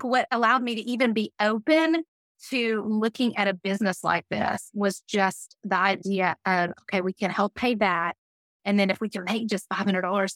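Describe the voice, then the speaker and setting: A woman's voice: mid-range voice, a bit bright, no echo. Earnest storytelling woman, dry close sound. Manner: earnest, emotional storytelling with quick laughs. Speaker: podcast guest, business leader. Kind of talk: telling a personal story in a podcast interview.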